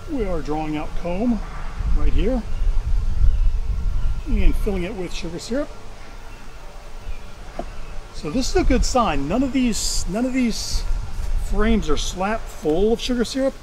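A man's voice: high voice, lively intonation, measured pace, pauses often. A man with a mixed Georgia and Ohio accent, chatting casually and thinking aloud as he works through his beehives outdoors. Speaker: beekeeper. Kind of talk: casual narration while working hives. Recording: noisy outdoor recording with bee buzz. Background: buzzing bees and outdoor ambience.

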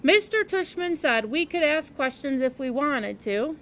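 A woman's voice: high-pitched, expressive, unhurried, a bit bright, exaggerated voice. A woman voicing a rude, sarcastic ten-year-old schoolboy with a mocking, sneering way of talking.

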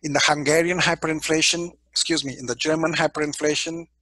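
Animated lecturing man, husky voice. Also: fairly high pitch, fast, dry recording, rough recording. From India. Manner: animated, emphatic, acts out quoted people. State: clearing his throat from allergies. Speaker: business school professor. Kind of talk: classroom lecture.

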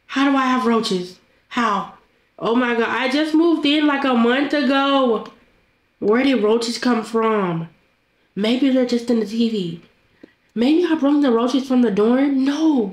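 A woman's voice: on the high side, echoey room. A young woman voicing a game role-play monologue, talking to herself in a dramatic, panicky way. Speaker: Roblox roleplay voice actor.

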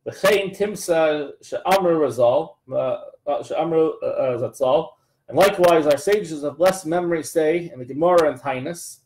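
A man's voice: fairly high pitch, measured pace, darkish tone, low-quality recording. Man teaching a Torah class. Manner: reads Hebrew text then translates, many restarts and fillers, jokes aside. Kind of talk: live Torah class over a call.

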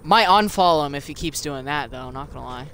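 Man, game streamer, gravelly voice, joking banter, noisy background hiss. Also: a little high, expressive, brisk, bright, forceful tone. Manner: joking, teasing banter with teammates. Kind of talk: casual live-stream gaming chat.

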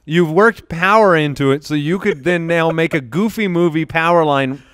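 A man hosting a podcast in an upbeat, joking way. His voice is smooth and clear and sits a little high. He is recorded on a studio mic with a dry, close sound. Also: normal speed, a bit bright, dry recording. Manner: upbeat, joking, runs the show. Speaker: podcast host. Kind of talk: casual chat.

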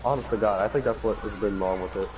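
A man's voice: fairly low pitch, quick pace. Joking, foul-mouthed man streaming a game. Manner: joking, swears often, acts out silly voices for game characters. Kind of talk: casual gameplay chat with a friend. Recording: dull lo-fi stream audio with faint hiss.

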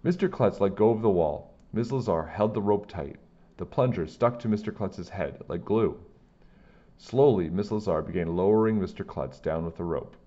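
A man reading a children's chapter book aloud with plain, steady storytelling. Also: lowish voice, normal speed, dull audio.

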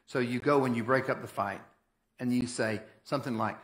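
A man's voice: mid-range voice, fairly quick, fairly bright tone. A man preaching a sermon as pastor, in a folksy, conversational and emphatic way. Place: church sanctuary. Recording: echoey church hall.

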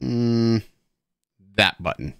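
A man's voice: mid-range voice, expressive, extremely slow, creaky, muffled recording, a little hiss or hum. A man hosting a live stream, chatting casually and rambling with self-mocking banter toward his viewers, tipsy and playful. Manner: tipsy and playful while drinking beer. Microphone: headset at a streaming desk.

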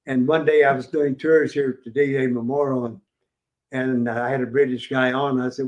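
An older man with a West Virginian accent giving an informal history lecture at a museum, halting with many fillers and restarts. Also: mid-range voice, little pitch movement, darkish tone, lo-fi sound.

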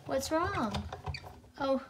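A woman's voice: sits high, big pitch swings, very slow, heavy background noise. Chatty woman hosting a craft stream. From Canada. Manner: chatty, giggly, with asides to viewers. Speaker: craft demonstrator and host. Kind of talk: casual livestream craft demo.

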